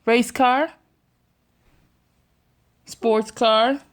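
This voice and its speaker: A woman's voice: fairly high pitch, fairly even intonation, very slow. A young mother at home in her bedroom, talking to her toddler in coaxing, sing-song baby talk and often laughing. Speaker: vlogger mother.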